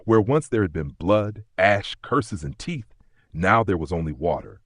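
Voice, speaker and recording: A man narrates an audiobook in a measured, solemn voice, pausing often. His tone is low and husky, recorded dry and close. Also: expressive, fairly bright tone, no echo. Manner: measured, solemn, many pauses. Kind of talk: scripted narration.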